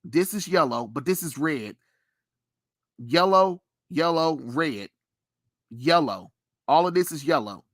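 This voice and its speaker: A man hosting a casual pop culture chat, ranting with animated energy and plenty of swearing. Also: on the high side, takes it slowly, dry recording, studio quality. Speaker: podcast host.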